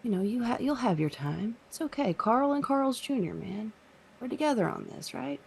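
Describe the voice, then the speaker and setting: A woman's voice: on the high side, animated, moderate pace, gravelly, a little hiss or hum, voice pushed up. A woman voicing a worried, pleading father. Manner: pleading, hushed, rambling. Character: worried protective middle-aged father.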